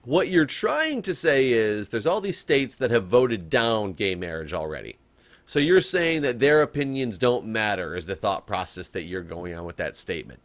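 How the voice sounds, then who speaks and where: A young adult man co-hosting a casual podcast chat, animated and self-correcting, laughing often as he talks. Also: on the low side, normal speed. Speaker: podcast co-host.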